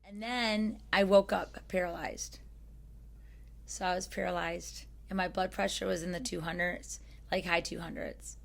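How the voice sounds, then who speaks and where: Gravelly-voiced woman sharing a testimony. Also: mid-range voice, a bit bright. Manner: earnest, rambling with fillers and restarts. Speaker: podcast guest. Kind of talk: personal faith testimony in conversation.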